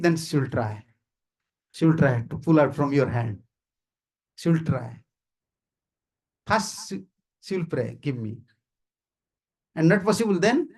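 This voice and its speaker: A visiting swami with an Indian accent gives an informal sermon to a small group at a house gathering. His voice sits on the high side, with a darkish, gravelly, husky quality. He repeats his points emphatically, chuckles often, and keeps asking "you understand?"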